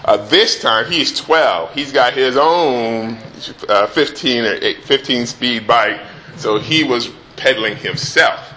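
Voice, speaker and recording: A middle-aged father telling a personal anecdote in a relaxed, animated way, acting out the voices. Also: medium pitch, takes it slowly, a little hiss or hum. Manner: animated, acts out the voices in his story. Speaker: storyteller.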